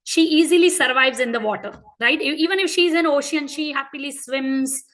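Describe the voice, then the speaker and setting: A woman with an Indian English accent runs a children's class in a high, bright voice, talking fairly quickly. She keeps questioning the kids and tells her examples with lively, animated storytelling in this interactive lesson. The recording quality is low.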